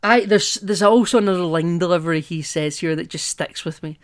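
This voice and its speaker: A man's voice: high-pitched, brisk. Chatty man rambling through a film review. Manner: rambling and playful, with frequent asides and laughs. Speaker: podcast co-host. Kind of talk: casual film-review chat.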